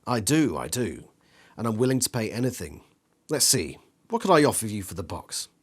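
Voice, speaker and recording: A taunting, cruel male alien with a scorpion-like tail speaks in a low, smooth, mocking voice, as a man reading a gamebook aloud puts him on. His menace is calm and playful rather than loud, and he sounds amused by the threat he makes. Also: normal speed. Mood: menacing.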